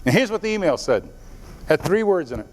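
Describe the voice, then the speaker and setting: A man's voice: high-pitched, big pitch swings, fairly quick. A man giving an earnest motivational speech to a live audience, telling stories and talking straight to the crowd. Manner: storytelling, earnest, directly addresses the audience. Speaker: motivational speaker. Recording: long hall reverb.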